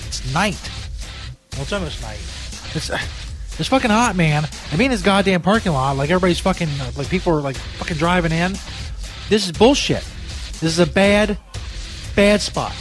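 Man, ranting comedy host, swearing constantly, lively voice swinging up into yells, faint music behind. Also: a little high. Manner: profane, exasperated ranting, yelling at drivers. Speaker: comedy podcast host playing a frustrated sports broadcaster. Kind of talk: improvised comedy bit.

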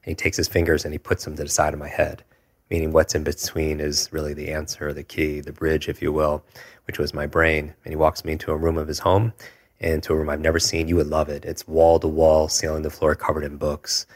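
A man in his forties, a guest telling a personal story in an earnest, reflective way, often pausing with fillers. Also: very deep voice, completely flat delivery. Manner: earnest, reflective, with frequent hesitations and filler words.

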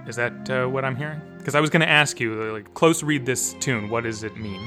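A man hosting a podcast, discussing film music in a measured and analytical way. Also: mid-range voice. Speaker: podcast host.

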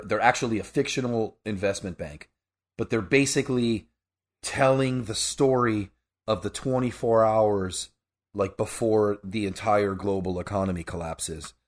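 A man co-hosting a podcast, chatting casually and rambling about a film, with frequent restarts. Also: on the low side. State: sneezing and coughing. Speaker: podcast co-host.

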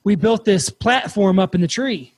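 A man hosting a podcast, telling a campfire story in a casual, animated way and swearing freely. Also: high voice, normal speed, no room sound. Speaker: podcast host.

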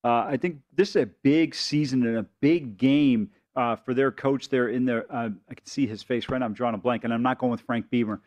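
A man co-hosting a casual sports betting chat, talking fast and animated with many stammered restarts. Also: medium pitch, muffled recording.

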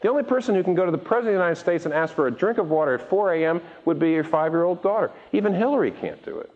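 A man preaching a sermon, animated and restarting words as he speaks, acting out the voices of the people he quotes. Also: high-pitched, rapid-fire. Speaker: pastor. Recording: dull recording with long hall reverb.

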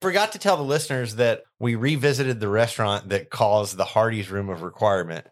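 A man co-hosting a podcast in casual chat, crude and jokey, often slipping into loud mocking voices. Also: lowish voice, fairly quick. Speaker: podcast co-host.

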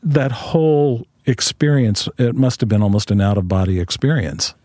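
A man interviewing a guest, asking brief, measured questions. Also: mid-range voice, dark tone, dry recording, studio quality. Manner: brief, measured prompts and affirmations.

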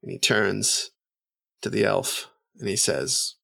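Slow gravelly game master. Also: male voice, lowish voice, lively intonation, fairly bright tone, no room sound, studio quality. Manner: rambling, halting, many fillers. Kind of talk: narrating a tabletop game.

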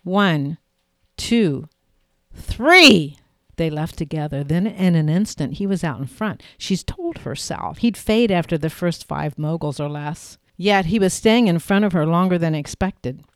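A woman narrating an audiobook in a steady, clear storytelling manner. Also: low-pitched, moderate pace, few pauses, no room sound, studio quality.

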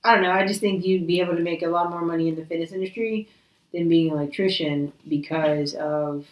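A woman's voice: fairly low pitch, steady tone, fairly quick, distant mic, dull audio. A woman in casual chat, speaking bluntly and swearing often. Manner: blunt, profane. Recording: echoey, away from the mic.

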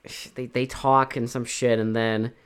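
A man's voice: mid-range voice, level tone, a little slow, clear, resonant tone. A man co-hosting a podcast, recapping a film in casual chat, rambling and swearing, with frequent restarts. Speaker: podcast co-host. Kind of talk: casual movie review chat.

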